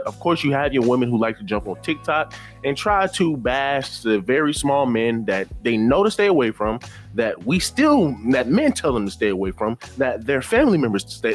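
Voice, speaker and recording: A man hosting a reaction commentary channel, lecturing emphatically and repeating his points. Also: mid-range voice. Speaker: commentary host.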